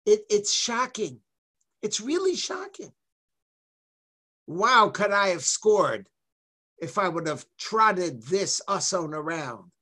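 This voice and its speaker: A man delivers a Torah lecture as a rabbi, his voice fairly high and sharp. He swings widely in pitch and bursts into emphatic exclamations. The sound comes through a video call. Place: home, online lecture.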